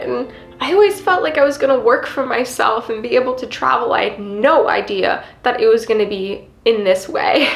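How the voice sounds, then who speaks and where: A young woman talks earnestly to her viewers, her voice a touch high and full of little fillers as she rambles. The room sounds echoey, and faint music plays underneath her. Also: vocal fry. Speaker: vlogger. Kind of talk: casual confessional chat to camera. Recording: roomy with faint music behind.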